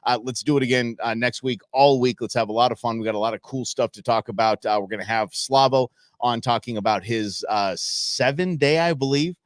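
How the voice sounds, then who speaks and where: A man hosting a live show, commenting on videos in an animated, joking way. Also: mid-range voice, brisk, few pauses, no room sound, clean studio sound. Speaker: host.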